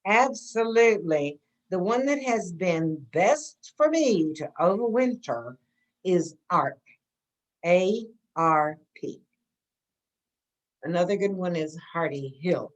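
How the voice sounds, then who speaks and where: A woman's voice: lowish voice, expressive, takes it slowly, poor audio. A woman teaching an informal gardening class, chatty and answering questions, often checking in with "okay?".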